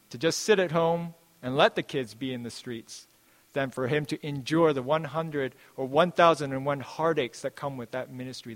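A man preaching a sermon, earnest, repeating key phrases and slowing down to quote scripture. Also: medium pitch, a bit bright. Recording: long hall reverb.

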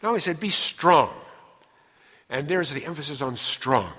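A man's voice: a little high, fairly quick, pushed and bright, slightly rough. A man teaching through a Bible passage, earnest and explanatory, stressing key words as he explains them. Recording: long reverb of a large hall.

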